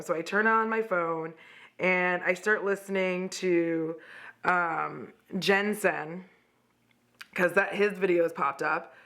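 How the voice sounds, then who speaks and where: A woman's voice: on the low side, a little slow, fairly bright tone. A young woman from Texas chatting candidly and profanely at home while doing her makeup, rambling through a personal story. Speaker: beauty vlogger.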